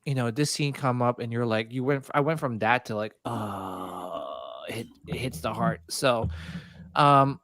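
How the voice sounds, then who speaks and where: A man's voice: medium pitch, steady tone, normal speed, fairly bright tone, dry recording. Male podcast host, eager rambling delivery, dry close sound. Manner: enthusiastic, rambling. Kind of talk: casual chat.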